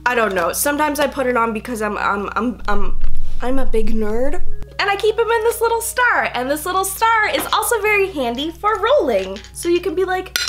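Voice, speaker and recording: A woman's voice: sits high, sing-song, moderate pace, music in the background. A young woman, a fashion student, chatting casually to camera in a bubbly, giggly, playfully rambling way.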